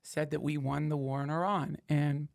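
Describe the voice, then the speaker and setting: A man's voice: fairly high pitch, level tone, moderate pace, vocal fry, a little mellow. A man hosting a podcast, riffing in a sardonic, profane, rambling comedic monologue. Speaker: podcast host.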